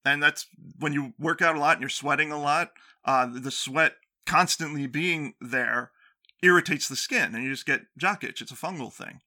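A man's voice: fairly high pitch, normal speed, pushed and bright. A man telling a long, self-deprecating story in casual chat, rambling with many fillers and restarts.

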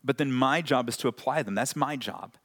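A man's voice: mid-range voice, a little fast, fairly bright tone. A man preaching a sermon as a pastor, talking to the congregation in a conversational, direct way with self-deprecating humor.

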